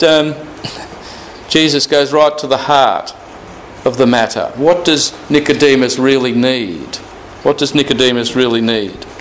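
Slow, emphatic male Bible teacher. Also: on the high side, slight background noise, poor audio. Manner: emphatic, stresses key words, reads scripture aloud; repeats phrases, asks rhetorical questions.

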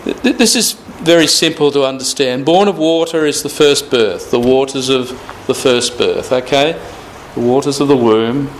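A man's voice: fairly high pitch, a little hiss or hum, rough recording. A man teaching through the Bible verse by verse, reading scripture aloud and stressing key words with rhetorical questions. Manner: repeats phrases, asks rhetorical questions.

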